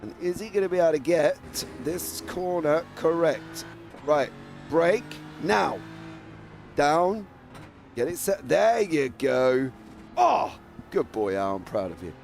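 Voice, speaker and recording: An English man commentating sim races, excitable and teasing, shouting at drivers. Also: on the high side, slow, vocal fry, soft background music. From England. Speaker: race commentator.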